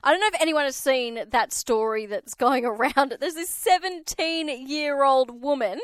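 A woman's voice: sits high, moderate pace, no echo, clean studio sound, faint music behind. A woman co-hosting a podcast in casual chat, asking questions and laughing easily. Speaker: podcast co-host.

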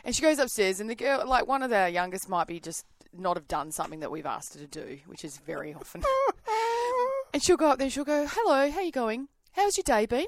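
A woman's voice: on the low side, animated, fast, dry recording. A woman co-hosting a breakfast radio show, chatty and laughing often. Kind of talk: casual radio banter.

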